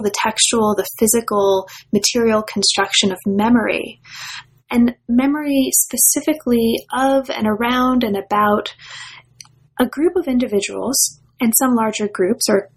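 Breathy-ish lady host, upbeat and playful, mid pitch. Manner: playful, enthusiastic. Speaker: podcast host. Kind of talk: scripted introduction then interview.

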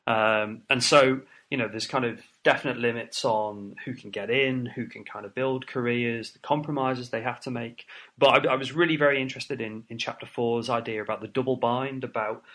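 Bright-voiced male interviewer. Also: medium pitch, steady tone, moderate pace. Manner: thoughtful, hedging with fillers. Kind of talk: conversational interview.

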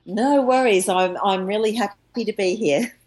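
A woman novelist answering interview questions in a relaxed way, with some fillers. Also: mid-range voice, moderate pace. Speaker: novelist guest.

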